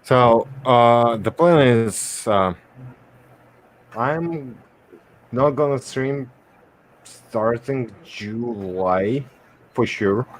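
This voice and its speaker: A man from Wisconsin hosting a casual stream chat, often pausing mid-sentence to find his words. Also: medium pitch, slight background noise. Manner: halting, stops often to search for words. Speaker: stream host.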